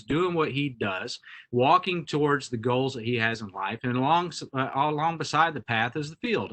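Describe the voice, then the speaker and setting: Bright-voiced man telling a story. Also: mid-range voice. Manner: animated storyteller. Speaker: executive director and featured speaker. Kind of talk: storytelling keynote talk.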